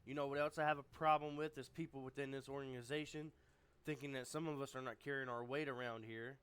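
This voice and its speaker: A man's voice: mid-range voice, fairly even intonation, fast, a bit bright, clear, resonant tone, lightly acted. A man voicing a confrontational male wrestling faction leader, grumbling and blunt, near his own voice.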